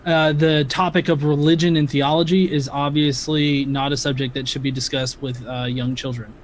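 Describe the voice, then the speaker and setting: Combative exasperated man, fairly high voice. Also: little pitch movement, moderate pace, a little hiss or hum. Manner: combative, exasperated, swears, stumbles when interrupted. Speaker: debater. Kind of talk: heated live-stream debate.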